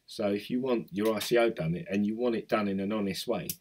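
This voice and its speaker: A man's voice: lowish voice, a little fast, darkish tone, husky. Male crypto vlogger, London accent, rambling casual chat. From South East London. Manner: chatty, rambling, reads out viewer comments. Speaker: crypto YouTuber. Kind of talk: casual chat with live chat viewers.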